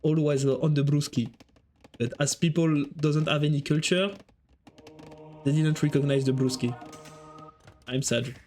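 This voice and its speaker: A slightly high-voiced man commentating a live strategy game, lively and playful, joking with the chat between calls. Faint game music hums under his close mic. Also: unhurried, pauses often. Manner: excitable, joking, jumps between play calls and banter. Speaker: esports caster.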